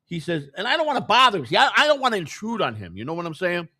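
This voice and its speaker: An older American man chats quickly, his voice sitting a bit high for a man. He tells long rambling stories, circling back with restarts and acting out what others said. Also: sing-song, bright, forceful tone, no echo. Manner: rambling storyteller, many restarts. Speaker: co-host. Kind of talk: casual chat.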